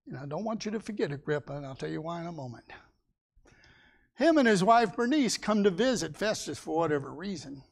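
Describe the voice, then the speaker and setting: A man's voice: on the high side, sing-song, a little fast, vocal fry. A man teaching a Sunday Bible class in a folksy way, asking his listeners questions and acting out the people in the story.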